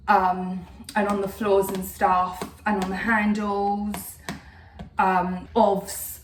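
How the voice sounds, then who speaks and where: This woman, a vlogger in her thirties, rambles casually at the camera and leans heavily on fillers. Her pitch sits in the medium range with a bit of background noise behind it, and the roomy acoustics make her sound slightly distant.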